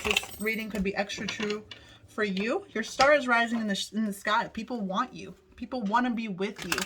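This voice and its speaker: A woman gives her viewers a casual tarot forecast, upbeat and chatty, swearing freely as she addresses them directly. Her voice is fairly high, and the background is noisy, with music playing under her.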